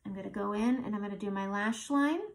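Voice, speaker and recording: A woman's voice: mid-range voice, fast, gravelly. A woman hosting a makeup tutorial, chatting casually as she talks through each step she applies.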